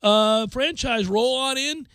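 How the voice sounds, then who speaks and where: A man hosting a sports radio show, chatting casually and telling stories with animated energy and frequent laughter. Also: extremely high pitch, takes it slowly. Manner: animated storytelling, laughs often.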